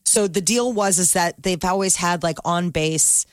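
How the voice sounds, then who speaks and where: A woman's voice: lowish voice, a little slow, no room sound, clean studio sound. A woman co-hosting a morning radio show, reading news items in casual banter and laughing easily.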